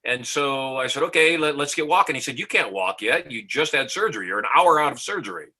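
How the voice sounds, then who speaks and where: A man's voice: medium pitch, expressive, a little fast, sharp tone, low-quality recording. A middle-aged man from the United States, a motivational speaker, telling a story confidently as a podcast guest and acting out the dialogue. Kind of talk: storytelling in an interview.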